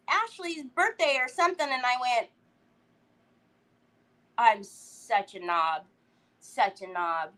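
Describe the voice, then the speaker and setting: A woman's voice: very high voice, bright, forceful tone, rough recording. A woman hosting a live crafting stream, chatting casually, giggling often and greeting viewers by name. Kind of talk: casual livestream chat while crafting.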